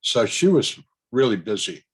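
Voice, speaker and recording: A man with a mid-range, slightly rough voice tells a personal story at a normal pace, his pitch swinging widely. He rambles casually, using fillers, restarting sentences and chuckling between thoughts.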